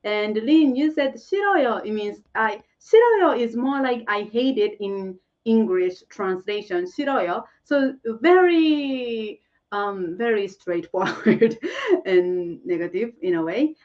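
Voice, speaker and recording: A woman's voice: medium pitch, lively intonation, a little mellow. Korean-native woman doing a live lesson, laughs a lot, sounds kinda far off and muffled. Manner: chatty, laughs often, repeats phrases slowly. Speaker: Korean language teacher. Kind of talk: live online lesson answering viewer questions.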